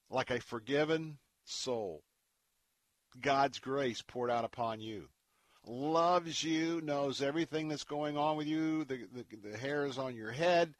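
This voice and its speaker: A man hosting a Christian radio talk show, speaking in an earnest, preacherly way and dropping to a hushed tone when he tells a story. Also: a little high, no echo. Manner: earnest, preacherly, drops to a hush for stories.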